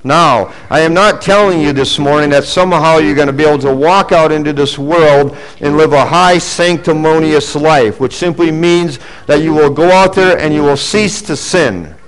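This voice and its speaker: A middle-aged male pastor delivering a sermon in a fairly high voice. He is earnest, pushing up for emphasis and falling to low, soft asides. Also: normal speed, hardly any pauses, poor audio.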